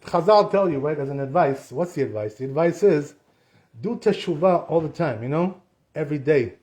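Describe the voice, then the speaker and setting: A man's voice: fairly high pitch, expressive, moderate pace, a little mellow. A man giving a casual Torah class in a conversational way, often saying "you know" and acting out what people say. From Sephardic Jewish community. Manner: conversational, repeats "you know" and acts out quotes. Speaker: Torah teacher.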